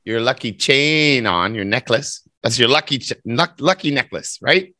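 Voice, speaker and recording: A man's voice: mid-range voice, animated, normal speed, sharp tone, no room sound, studio quality. Playful man teasing over a video call. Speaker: English teacher. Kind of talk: online speaking test.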